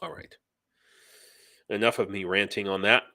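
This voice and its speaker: A man's voice: fairly low pitch, steady tone, normal speed, creaky, sharp tone. A man hosting a live news stream, giving heated, ranting commentary and reading out viewer comments. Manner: passionate, ranting, reads viewer comments aloud. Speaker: livestream news host.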